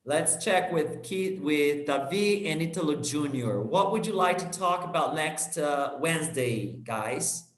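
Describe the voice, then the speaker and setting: A man. He talks slowly, pausing to hunt for words, and laughs easily. His voice bounces around an echoey room over a video call. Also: fairly high pitch, lively intonation. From Brazil. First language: Portuguese. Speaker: host of an English practice session. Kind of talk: casual conversation.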